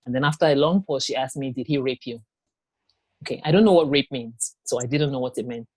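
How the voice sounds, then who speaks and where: A woman giving a personal testimony in an interview, telling her story haltingly with pauses, restarts and quoted dialogue. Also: a bass voice, a little mellow, dry recording. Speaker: interview guest.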